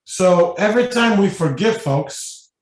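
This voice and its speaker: A man's voice: high voice, lively intonation, unhurried. A man giving a spiritual lecture as guest speaker, telling stories loosely with many fillers and restarts. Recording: echoey room, mic at a distance.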